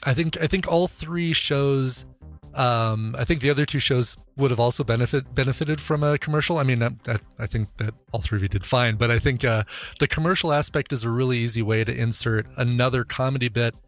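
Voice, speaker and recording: Male podcast host, casual, halting delivery, soft music underneath. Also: medium pitch. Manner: halting, lots of fillers and restarts.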